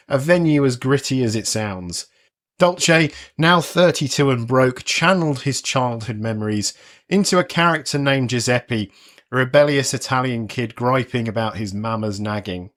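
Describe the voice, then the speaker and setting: A man in his forties hosts a music podcast, reading scripted narration with wry, sardonic asides and a conversational feel. His voice is medium-pitched, a bit bright, at a normal speed.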